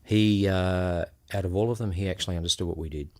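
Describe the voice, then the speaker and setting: Speaking low and steady, an Australian man who once worked undercover for the police recounts his past in a relaxed, thoughtful way. He tells it conversationally, taking his time and performing the quoted voices.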